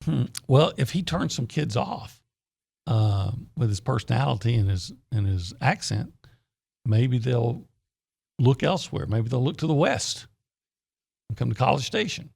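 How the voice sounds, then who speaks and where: A man's voice: medium pitch, expressive, measured pace, creaky, darkish tone, husky. A man talking sports on a studio radio show in an easygoing, folksy way. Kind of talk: casual sports radio banter.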